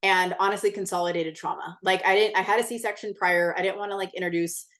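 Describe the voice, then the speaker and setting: Talking fast in a steady, mid-range voice with a fairly bright tone, a woman appears as a podcast guest. Her personal story comes out chatty, candid and intense, laced with swearing and constant "like"s.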